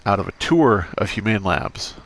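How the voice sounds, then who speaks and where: A man with a lowish voice plays a doctor in a roleplay game. His talk is dry and sarcastic, with deadpan asides. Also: moderate pace, a little hiss or hum. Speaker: streamer playing a doctor character. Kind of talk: in-character roleplay chat.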